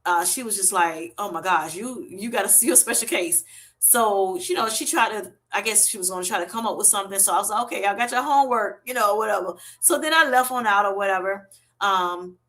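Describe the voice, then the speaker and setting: A woman's voice: medium pitch, pushed and bright. A woman hosting a casual live-stream health chat, retelling her doctor visits and greeting viewers as they join.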